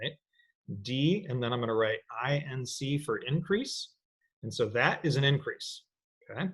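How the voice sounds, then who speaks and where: Bright, husky-voiced economics teacher. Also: male voice, mid-range voice. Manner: energetic, playful, often checks with "right?". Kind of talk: recorded lecture.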